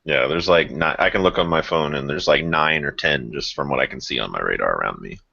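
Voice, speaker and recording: A young podcast host with a rumbling low, creaky, sharp voice talks a little fast; the audio is slightly rough, muffled and lo-fi, with no room sound. He rambles through stories, laughing often and using lots of fillers.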